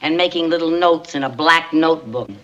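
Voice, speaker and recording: A woman's voice: low-pitched, fairly quick, a bit bright. An actress playing an eager, scatterbrained young female secretary with bubbly yes-yes replies and cheeky quips, in 1960s sitcom style. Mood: chatty. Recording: dull old TV soundtrack with studio audience laughter.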